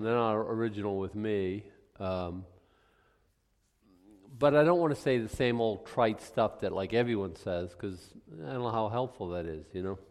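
A man's voice: fairly low pitch, a little mellow, in a large hall. A man preaching a folksy, conversational Bible lesson, rambling with frequent restarts and homely asides. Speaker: pastor.

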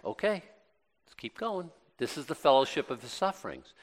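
A man's voice: on the high side, very animated, normal speed, in a large hall. A middle-aged man preaching a sermon in a conversational way, with plenty of rhetorical questions and repeated phrases.

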